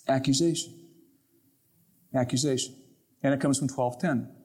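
A man preaching a sermon to his congregation, lively, acting out the voices in his quotes and stories. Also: medium pitch, normal speed. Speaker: pastor. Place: church sanctuary.

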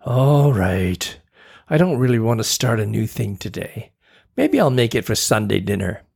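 A man's voice: lowish voice, big pitch swings, normal speed, vocal fry, darkish tone, breathy edge, heavily acted. A man voicing a firm but caring mother who reassures her daughter. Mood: matter-of-fact.

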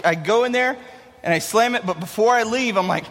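Thirties male youth pastor, high bright voice, lively sermon delivery. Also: fast. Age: 30s. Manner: animated storytelling. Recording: long hall reverb.

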